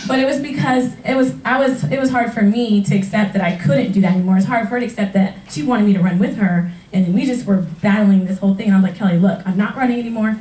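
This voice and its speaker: Woman, ex-athlete, telling her story, laughs a lot, sounds kinda far off in an echoey room. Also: mid-range voice. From United States. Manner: animated, laughs often, acts out quoted conversations. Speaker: retired track athlete. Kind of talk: personal testimonial storytelling. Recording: roomy sound from a distance.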